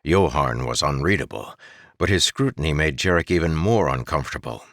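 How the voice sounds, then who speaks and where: Deep-voiced male audiobook narrator. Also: a little fast, no room sound, clean studio sound. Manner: expressive storytelling with shifting character voices. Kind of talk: scripted fantasy audiobook narration.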